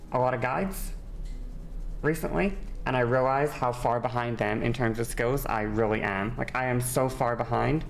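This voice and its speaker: A woman's voice: extremely low pitch, creaky. A young woman from Northern Ireland chatting casually on stream while doing her makeup, rambling with lots of fillers. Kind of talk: casual stream chat during a makeup tutorial.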